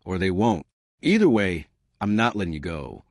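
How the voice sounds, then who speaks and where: A man reading as a calm, guarded crime boss. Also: deep voice, normal speed, no room sound, clean studio sound, full character voice. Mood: firm. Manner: quiet, steady, restrained.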